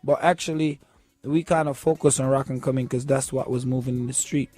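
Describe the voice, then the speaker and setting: A man's voice: medium pitch, steady tone, brisk, dark tone, faint music behind. A man with a Jamaican accent, a musician guest telling his story in a laid-back way, often asking "you know what I'm saying". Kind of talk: casual interview talk.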